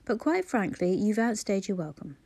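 A woman's voice: mid-range voice, big pitch swings, moderate pace, dark tone. A woman voicing a frank, bossy friend. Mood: firm. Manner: firm, frank.

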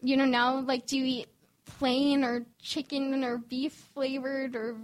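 Woman, podcast co-host, very high voice, bubbly, teasing, casual chat. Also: little pitch movement. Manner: bubbly, quick, teasing banter.

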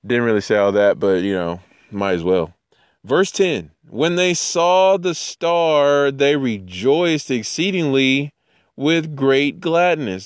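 A man teaching scripture in a casual way, reading verses slowly and then joking about them in playful voices. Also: medium pitch, lively intonation, clean tone, no echo, clean studio sound. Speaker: Bible teacher.

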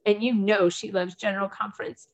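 A woman's voice: medium pitch, level tone, brisk, muffled recording. A woman, sharing earnestly and emotionally with a group, close to tears. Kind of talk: heartfelt personal sharing.

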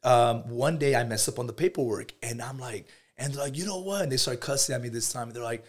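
Fast-talking man telling a story. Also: medium pitch. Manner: animated and slangy, calls listeners bro. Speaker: podcast guest, entrepreneur. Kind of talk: casual storytelling in a podcast interview.

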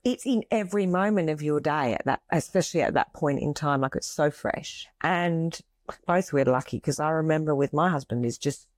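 A middle-aged woman co-hosting a conversation, speaking haltingly and searching for words as she opens up about feelings. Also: low-pitched, darkish tone, no echo. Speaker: podcast co-host. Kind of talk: casual emotional conversation.

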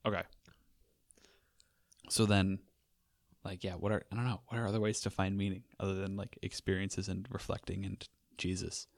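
A man's voice: deep voice, little pitch movement, normal speed, pauses often, dry recording, clean studio sound. A young man hosting a podcast, talking casually in a rambling, wry way with lots of fillers. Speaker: podcast host. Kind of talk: casual conversational chat.

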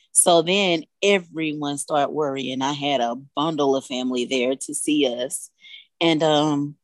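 A woman's voice: low-pitched, no room sound. A woman telling a personal story in a candid, emotional way. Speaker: mother telling her story.

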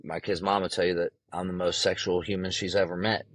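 A man's voice: low-pitched, flat delivery, a little fast, fairly bright tone, no room sound, poor audio. Brash, profane young man on a podcast. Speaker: podcast host. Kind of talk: casual solo podcast monologue.

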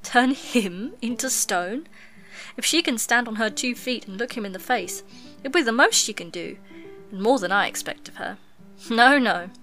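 A woman's voice: on the high side, a bit bright. A woman voicing a gloomy, earnest male beaver in a storybook reading, confiding and dramatic.

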